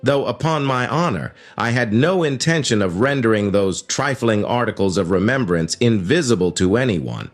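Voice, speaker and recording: A man voicing a gentle, fussy old bachelor banker in an audiobook, speaking with fond, old-fashioned courtesy. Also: fairly low pitch, lively intonation, normal speed, few pauses, faint music behind, close to an everyday voice. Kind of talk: audiobook character voice.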